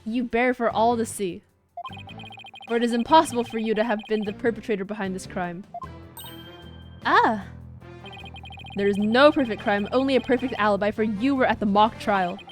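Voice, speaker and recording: A woman's voice: on the high side, normal speed, long pauses, soft background music, natural voice. A woman voicing a haughty male prosecutor in a video game, speaking in a clipped, contemptuous way.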